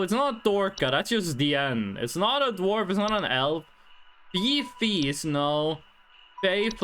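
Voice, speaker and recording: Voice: mid-range voice, fairly bright tone. A streamer casually talking through a game at home, thinking aloud and chatting with the audience.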